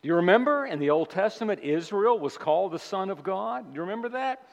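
A man's voice: high voice, lively intonation, fast talker, vocal fry, dull audio. A male pastor preaching a sermon with emphasis, posing rhetorical questions to his congregation in a church. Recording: long reverb of a large hall.

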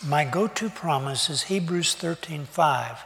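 An older man giving a sermon, talking in a conversational, folksy way with pauses and fillers. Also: on the high side, gravelly, fairly bright tone. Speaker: preacher. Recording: long reverb of a hall.

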